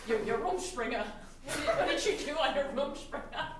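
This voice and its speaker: A woman doing improv comedy on a theater stage, with a deadpan manner. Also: sits high, fairly quick, background noise. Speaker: improv performer. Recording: echoey theater, far from mic.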